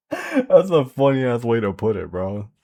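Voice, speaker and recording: A man's voice: medium pitch, dark tone. A man streaming, chatting casually with his viewers in a laid-back way, swearing freely. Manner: laid-back, swears a lot, addresses chat directly. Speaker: streamer reacting to a video.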